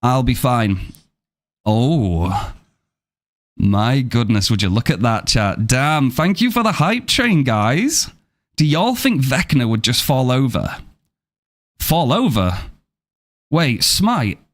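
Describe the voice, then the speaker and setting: Male streamer, casual and upbeat, chats warmly with his viewers, mid-range voice. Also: mid-range voice, animated, slow. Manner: upbeat, thanks viewers and reads chat aloud. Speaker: game streamer. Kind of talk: casual live-stream chat.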